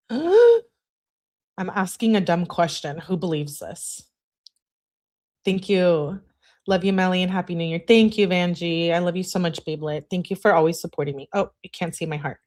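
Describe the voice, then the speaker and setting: A woman's voice: lowish voice, animated, moderate pace, long pauses, darkish tone. A woman hosting a true-crime livestream in casual commentary, answering chat with sarcastic, exasperated asides. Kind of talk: casual live-stream commentary.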